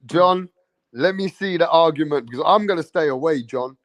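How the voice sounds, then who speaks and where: A man hosting a casual live-stream chat, teasing and goading a guest with loud rapid taunts. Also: fairly high pitch, dry recording. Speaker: show host.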